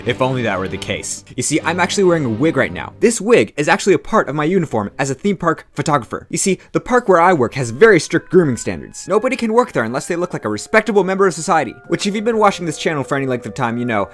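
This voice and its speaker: Young man, comedic vlog storyteller, self-deprecating jokes, rapid lively delivery, slightly high voice. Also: soft background music. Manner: animated, jokey, self-deprecating. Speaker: vlogger, theme park photographer.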